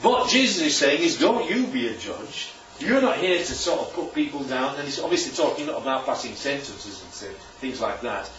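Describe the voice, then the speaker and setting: A man's voice: mid-range voice, lively intonation, moderate pace, few pauses, fairly bright tone, slight background noise. A man preaching a sermon in a conversational way, often checking in with rhetorical questions. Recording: distant, echoey room, dull sound.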